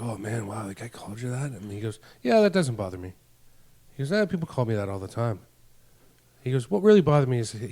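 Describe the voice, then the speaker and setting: A man's voice: fairly low pitch, a little mellow. A man telling long, rambling stories on a casual podcast, acting out the dialogue of the people in them. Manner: rambling anecdotes, acts out quoted dialogue. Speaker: podcast host. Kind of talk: casual storytelling chat.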